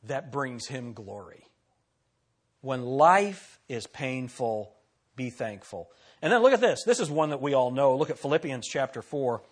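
A man preaching a sermon as pastor, repeating key phrases, asking the congregation questions, and swinging between loud declarations and hushed asides. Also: mid-range voice, sing-song, unhurried, slightly rough.

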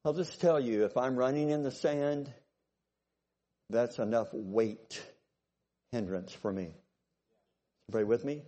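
Male preacher, sermon, mellow dark tone, animated, asks the congregation questions. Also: a little slow, long pauses. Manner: animated, swings from loud bursts to low asides; keeps checking in with the congregation. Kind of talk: sermon with storytelling.

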